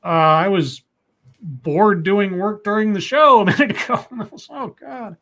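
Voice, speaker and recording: Co-hosting a live stream, a man whose voice sits high and a bit bright speaks at normal speed. His casual chat rambles with many restarts as he reads out viewer messages.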